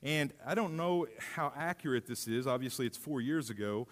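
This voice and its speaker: Dry-mouthed pastor preaching in a hall. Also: male voice, medium pitch, animated, normal speed. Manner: earnest, emphatic preaching with frequent restarts. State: dry mouth from allergy medicine. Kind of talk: sermon with scripture reading. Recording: hall reverb.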